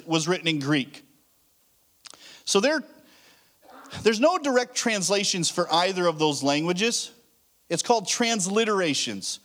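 Pastor guy preaching, high-ish voice, chatty sermon, tells stories, trips over words now and then. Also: fairly bright tone. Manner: casual storytelling with frequent restarts. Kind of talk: conversational sermon.

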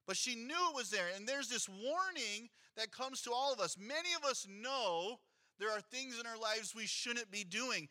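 Man, 30s, pastor, sermon, high voice, very bright tone, animated storytelling, church. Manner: storytelling, animated, acts out quotes. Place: church sanctuary.

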